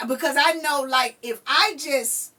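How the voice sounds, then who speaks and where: An older woman hosting a casual chat, telling stories in an animated way and acting out what people said. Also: high-pitched, a little slow, distant mic. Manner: animated storyteller who acts out quotes. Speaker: podcast host.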